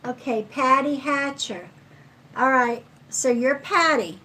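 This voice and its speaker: A middle-aged woman giving a live psychic card reading in a slow, chatty way, counting cards aloud. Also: high voice, bright, forceful tone, poor audio. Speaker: psychic reader.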